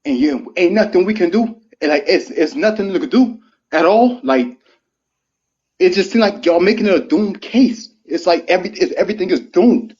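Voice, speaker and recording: A man's voice: sits high, lively intonation, normal speed, darkish tone. Earnest man, thirty, on a muffled live stream. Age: 30s. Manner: earnest, rising to heated and pleading. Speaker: guest speaker on a live stream. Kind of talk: emotional live-stream monologue.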